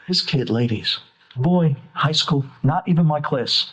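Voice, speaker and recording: A rabbi tells a story to an audience, acting out each character with animated energy. His voice sits high for a man and swings through a wide, lively pitch range. He speaks in a warm, engaging way. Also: normal speed, rough recording.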